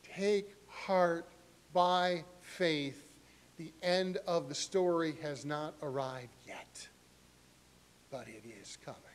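A middle-aged male pastor preaching a sermon in an animated way, acting out voices with sharp rises in pitch. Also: slow, clean tone.

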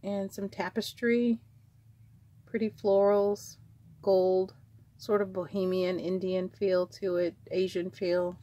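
A middle-aged woman in casual show-and-tell chat, rambling warmly and drifting into tangents. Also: mid-range voice, level tone, slow pace. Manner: chatty, rambling, trails off into tangents. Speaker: vlogger selling vintage craft supplies.

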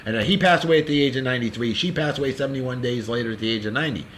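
A man hosting a casual show, giving boisterous, jokey birthday shout-outs in a folksy way. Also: medium pitch, rapid-fire, very noisy. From California. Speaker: show host.

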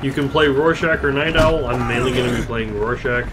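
A man's voice: mid-range voice, fairly quick, noisy background. A man hosting a let's play, giving casual, wry commentary over the game. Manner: chatty, wry asides. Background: game music.

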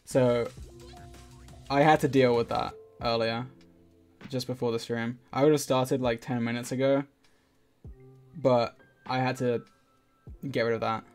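A man's voice: medium pitch, steady tone, a little slow, pauses often, clean tone. A man live-streaming a game, chatting in a scattered way, laughing often and thanking viewers. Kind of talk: casual live-stream chat while gaming. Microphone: desk microphone. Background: faint game music.

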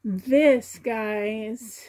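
A woman chatting to herself and her viewers while sorting doll clothes, sentimental and softly laughing. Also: fairly high pitch, very slow. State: emotional, choked up. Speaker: reborn doll collector vlogger.

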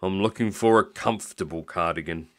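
A man reading aloud, voicing an easygoing, stubborn old grandfather who speaks slowly and mildly. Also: low-pitched, natural voice. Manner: slow, mild, stubborn.

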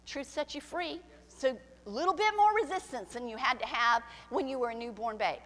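A woman pastor preaching a sermon, swinging from soft, confiding lines to shouted ones and acting out the voices she quotes. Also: high-pitched, moderate pace. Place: church sanctuary. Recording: church hall with long reverb.

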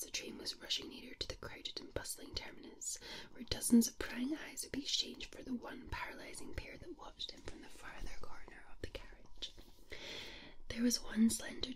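A Scottish woman reads a story in a slow, unvoiced ASMR whisper. Her breathy voice stays fairly high and very close.

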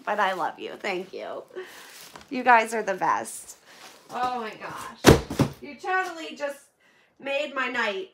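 Casual vlogger mom, bright tone, unhurried gushing delivery, lots of fillers. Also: female voice, fairly high pitch, a little hiss or hum. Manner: gushing, effusive thanks, fillers like "like" and "oh my gosh". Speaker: vlogger opening viewer donations. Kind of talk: casual live chat to viewers.

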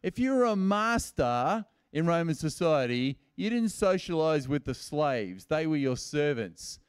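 A man's voice: on the high side, big pitch swings, unhurried, clear, resonant tone, no echo, studio quality. A man preaching as a pastor at a church service, telling the stories in a casual, conversational way and acting out what people say. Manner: casual and storytelling, acting out quoted lines in everyday speech. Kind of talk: conversational sermon.

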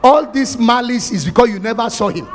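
A man with a Nigerian accent preaching a sermon, often breaking into loud shouts as he acts out Bible scenes. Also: extremely high pitch, a little fast, crowd noise, noisy background. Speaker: pastor.

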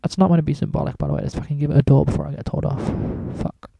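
A man's voice: a little high, level tone, racing, gravelly, dark tone, breathy edge, no room sound. A man talking casually through a drawing tutorial, rambling and swearing in almost every sentence. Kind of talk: casual screen-recorded tutorial.

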